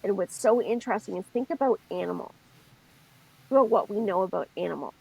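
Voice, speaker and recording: A woman's voice: medium pitch, fast, gravelly, slightly rough, low-quality recording. A woman co-hosting a casual spiritual chat podcast, talking expressively and often stopping to rethink mid-sentence. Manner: expressive, thinks aloud, self-interrupting. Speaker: podcast co-host.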